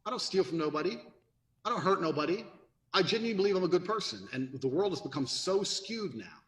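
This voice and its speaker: On a podcast, a man appears as an interview guest offering advice to men, blunt, emphatic and profane. His voice sits high and sounds animated and a bit bright, he talks fast, and the recording has a roomy echo.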